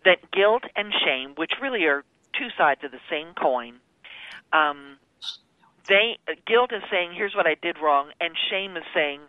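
A woman's voice: on the low side, lively intonation, unhurried, dry recording. A woman guest speaking by phone on a faith-based radio talk show, earnest and teaching, acting out little quoted voices as she explains. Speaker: guest author. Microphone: phone call. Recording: tinny phone line, dry.

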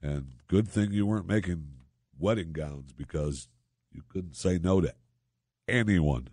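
Deep voiced radio guy ranting sarcastic about the news, real dry close mic. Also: a little slow, no room sound. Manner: sarcastic, mocking, animated asides. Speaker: radio talk show host. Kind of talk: opinion talk radio monologue.

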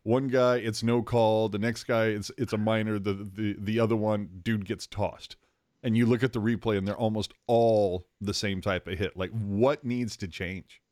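Slangy low-voiced podcast guy. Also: moderate pace, dry recording, studio quality. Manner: excitable, slangy, says "dude". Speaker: podcast co-host. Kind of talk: casual sports chat.

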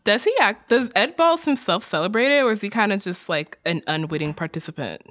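A young woman co-hosting a casual podcast, giggly and animated, swearing casually. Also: mid-range voice, fairly quick. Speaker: podcast co-host.

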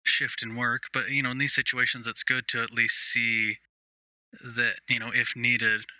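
Bright, crisp co-host man. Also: medium pitch, level tone, normal speed, no room sound, low-quality recording. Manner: thoughtful, explaining at length. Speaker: podcast co-host. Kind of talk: casual sports chat.

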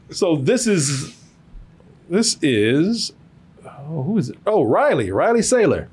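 A man's voice: on the high side, sing-song, slow pace, darkish tone, slightly rough. A man co-hosting a podcast in casual comedic chat, laid-back and swearing casually, laughing often. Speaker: podcast co-host.

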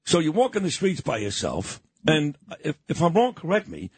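A man's voice: a little high, huge pitch swings, normal speed, darkish tone, breathy edge, no echo. An older man from New York hosting a morning radio show, telling a story in an emphatic, boastful way.

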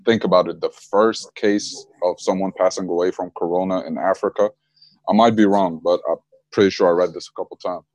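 A young man from Egypt chatting casually on a video call, relaxed and slangy, laughing often. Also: sits low, fairly quick, dry recording. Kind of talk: casual chat.

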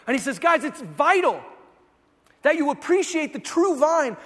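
A man in his thirties preaching a sermon, telling stories and acting out the voices in them, sometimes rising to shouts. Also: very high-pitched, long reverb tail. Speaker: pastor.

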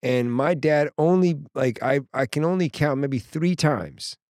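A man hosting a casual interview, an animated storyteller who acts out voices and laughs often. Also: on the high side, measured pace, no echo, studio quality. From Persian background. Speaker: podcast host.

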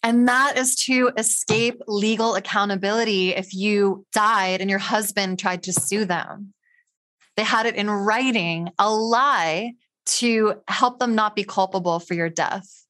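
A woman's voice: mid-range voice, measured pace, a bit bright. A woman hosting a casual conversation, asking probing, wry questions.

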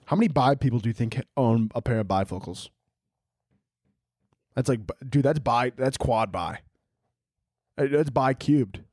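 A man's voice: mid-range voice, normal speed, pauses often, a little mellow, dry recording, clean studio sound. A young man hosting a solo podcast, rambling and joking crudely, filling his talk with "like" and "dude". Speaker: podcast host.

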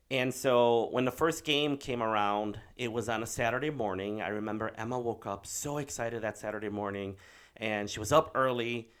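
A man's voice: mid-range voice, a bit bright. A middle-aged man giving a motivational talk, telling a personal story in an earnest way with hesitant fillers. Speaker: motivational speaker.

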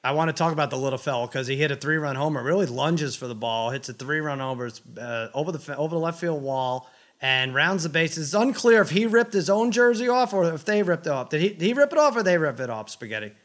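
A man hosting a sports talk show, ranting in an animated, joking way during casual banter. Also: a little high, quick pace.

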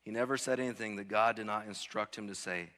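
A man's voice: lowish voice, fairly even intonation, quick pace. Impassioned man preaching in a reverberant church. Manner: swings from loud emphatic lines to soft near-whispers; repeats words and restarts often. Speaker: pastor. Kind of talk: sermon.

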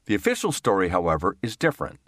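A man's voice: low voice, huge pitch swings, fast, a bit bright, dry recording, clean studio sound. A man hosting a show, introducing a song with a conversational, storytelling delivery. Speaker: radio show host.

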